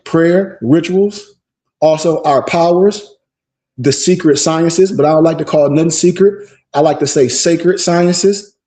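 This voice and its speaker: A man teaching an esoteric knowledge class in an emphatic, repetitive preaching cadence, slowing down to spell out lists. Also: on the high side, warm tone.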